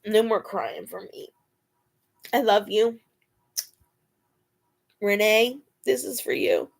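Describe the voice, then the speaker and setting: A woman with a medium-pitched, creaky voice speaks slowly while hosting a casual live stream. She chats with viewers, laughs, and coos to her dog in between.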